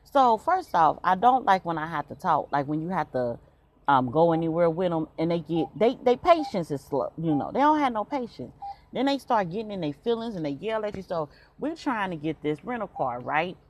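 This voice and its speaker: A woman's voice: fairly low pitch, very animated, normal speed. A woman podcast host telling a story in a casual, colloquial way, speaking straight to her listeners.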